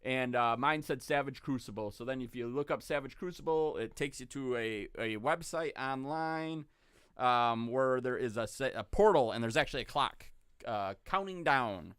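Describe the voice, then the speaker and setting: A man hosting a casual podcast, telling a story in a relaxed way with many ums and uhs. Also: medium pitch, moderate pace, clear, resonant tone, no echo, clean studio sound. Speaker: podcast host. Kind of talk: casual chat.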